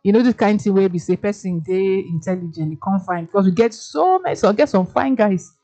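A woman's voice: mid-range voice, lively intonation, fairly quick, mellow. A woman from Nigeria with a Nigerian accent, hosting a radio show and chatting playfully in Pidgin. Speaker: radio host. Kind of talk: casual radio chat in Pidgin.

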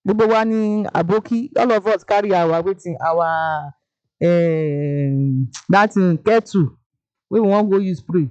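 A woman with a Nigerian Pidgin accent hosting a call-in radio show, lively and mixing in Yoruba. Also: fairly low pitch, unhurried, clean tone, no room sound, lo-fi sound. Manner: lively, mixes Pidgin and Yoruba, laughs easily. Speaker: radio host.

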